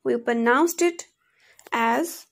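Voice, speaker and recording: A woman giving a recorded lesson on English pronunciation, saying each example sentence slowly and carefully and then repeating it. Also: fairly high pitch, gravelly, dry recording. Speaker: English phonology student presenter.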